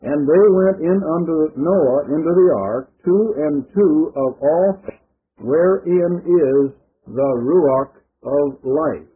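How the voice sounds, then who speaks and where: A man preaching on the radio, reading scripture slowly and deliberately and explaining it to listeners. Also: a little high, slightly rough. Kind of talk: radio Bible teaching. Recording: tinny phone-like old radio broadcast.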